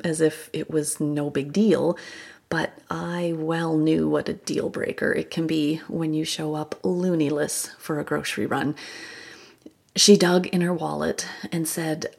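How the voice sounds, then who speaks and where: Woman host, unhurried devotional storyteller, low gravelly tone with a husky edge, drops into breathy whispers. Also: fairly even intonation. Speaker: podcast host. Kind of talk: reflective Christian podcast storytelling.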